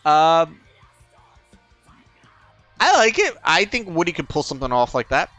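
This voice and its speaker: A man's voice: fairly high pitch, very animated, unhurried, a bit bright, no room sound, faint music behind. A man co-hosting a casual podcast, blunt and emphatic in his opinions. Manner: blunt, emphatic, ranting about a trailer. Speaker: podcast co-host. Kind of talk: casual chat.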